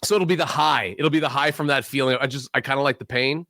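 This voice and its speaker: A man's voice: medium pitch, fast talker, bright, forceful tone, no room sound, studio quality. A middle-aged man co-hosting a podcast, ranting sarcastically in profane casual chat. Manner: ranting, sarcastic, swears a lot. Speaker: podcast co-host.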